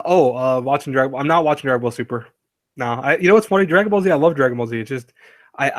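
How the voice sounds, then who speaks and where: A man's voice: mid-range voice, no echo, clean studio sound. A man hosting a casual live stream, rambling and chatty, laughing often and reading chat aloud.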